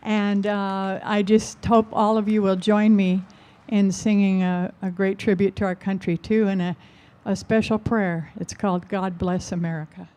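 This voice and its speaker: An older woman, emotional and halting, introducing and singing a patriotic song at a ceremony. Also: mid-range voice, little pitch movement, dark tone. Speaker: singer at a ceremony.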